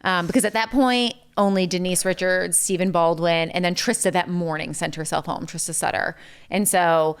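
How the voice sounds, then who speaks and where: A woman's voice: on the low side, fairly even intonation, moderate pace, smooth. A young woman telling a story as a podcast guest, chatty, full of "like" and "um", acting out what others said. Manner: chatty, lots of "like" and "um", acts out quotes. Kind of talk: casual storytelling interview.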